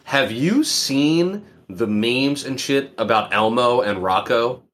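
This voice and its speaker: A speaker chatting casually as podcast co-host, lively and profane. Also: medium pitch, slow. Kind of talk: casual chat.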